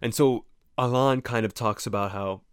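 A man's voice: mid-range voice, moderate pace, clean tone, no room sound, clean studio sound. A man talking to camera in a rambling, profane, reflective monologue that keeps interrupting itself. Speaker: vlogger. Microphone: camera mic, close.

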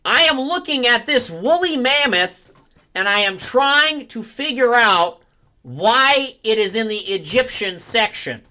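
A man playing a loud, complaining tourist in a comedy bit, with a high, drawn-out voice. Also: animated, exaggerated voice. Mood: indignant. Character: man playing a fussy, shouty American tourist.

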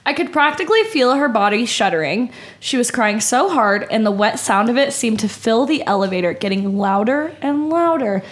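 A woman with a slightly high voice reads a creepy first-person tale aloud for a podcast. She moves between steady reading and loose, laughing chat with a co-host, swearing casually as she goes. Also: moderate pace.

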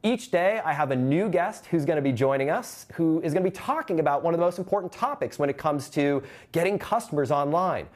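A man hosting a live online marketing symposium, talking to camera with energetic, upbeat calls to action and reading out chat comments. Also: on the high side, a little fast, few pauses.

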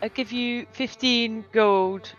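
A woman's voice: on the high side, fairly even intonation, slow, highs cut off, faint music behind. A woman playing a tabletop game in casual, playful talk. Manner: playful, bargaining. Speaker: player.

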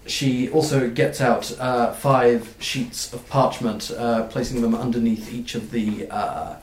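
A man narrating as game master of a tabletop game, halting and full of fillers. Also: mid-range voice, fairly even intonation, roomy sound, a little hiss or hum. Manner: halting, with many fillers and restarts.

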